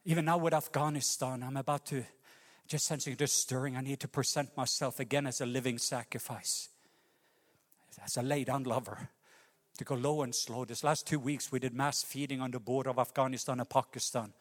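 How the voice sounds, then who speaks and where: A Norwegian man preaching a sermon with passion, rising to loud cries and dropping to hushed lines. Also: medium pitch, fairly even intonation, brisk, long reverb tail. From Norway. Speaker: pastor.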